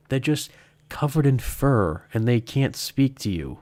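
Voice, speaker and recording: A man's voice: mid-range voice, big pitch swings, a little slow, a little mellow, no room sound. A man chatting casually on a live stream, rambling and correcting himself as he goes, with frequent chuckles. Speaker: streamer, horror story reader.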